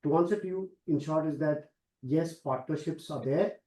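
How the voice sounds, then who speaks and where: A man's voice: a little high, normal speed, dark tone. Hesitant man in an echoey room. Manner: hesitant, repeating words. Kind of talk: investor call answers.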